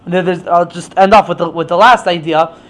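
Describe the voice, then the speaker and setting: A man's voice: high voice, fairly even intonation, a little fast, a bit bright. A man teaching an informal Torah class, explaining with many stammered restarts.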